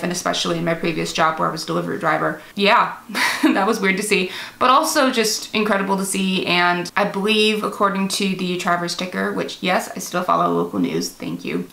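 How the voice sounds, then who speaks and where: A bright, forceful woman with a gravelly edge chats to camera in a Michigan Midwestern accent that has picked up some British polish. She is self-amused, laughs easily and fills her pauses with ums. The sound is roomy, as if recorded in a room at home. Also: mid-range voice. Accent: Michigan Midwestern American, partly drifting British. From Michigan, USA. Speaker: vlogger. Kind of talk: casual chat to camera.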